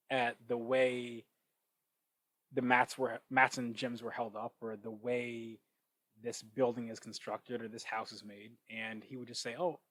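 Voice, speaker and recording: A man hosting his own podcast, thinking out loud in a casual monologue with many restarts and asides. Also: mid-range voice, low-quality recording. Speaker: podcast host. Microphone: cheap microphone. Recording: dry, close cheap-mic sound.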